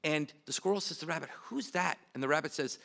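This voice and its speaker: A man speaking at a memorial event as host, with a high, bright voice. He tells a long anecdote with light humor before introducing the panel. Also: rapid-fire. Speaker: department representative and panel host. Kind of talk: memorial speech.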